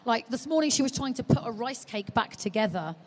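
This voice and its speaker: A woman tells funny parenting stories on a live podcast stage, her slightly high voice bouncing around and jumping up when she acts out quotes. A long reverb from a big exhibition hall hangs behind her. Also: a little fast. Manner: animated storytelling, acting out quotes. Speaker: guest, mother of a baby.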